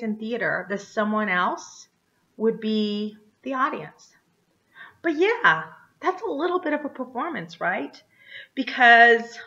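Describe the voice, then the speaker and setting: A woman teaching a theater class online, animated and chatty, often checking in with a quick "right?". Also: medium pitch, dull audio.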